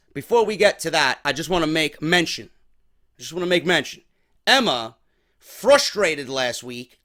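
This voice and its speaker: A New York man with a voice high-pitched for a male recaps a wrestling show, casual and opinionated. He's blunt, swears freely and gets animated sharing his views.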